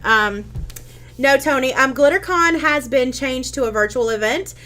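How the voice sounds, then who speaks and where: A woman's voice: high voice, measured pace, pushed and bright, slight background noise. Chatty woman hosting a craft live stream. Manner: chatty, with frequent ums and restarts. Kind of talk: casual live-stream craft tutorial, answering viewer comments.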